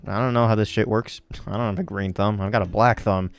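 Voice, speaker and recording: A man's voice: fairly low pitch, steady tone, brisk, gravelly, hardly any pauses, soft background music. A man with an American accent giving casual let's play commentary, joking and laughing as he plays. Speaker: game streamer.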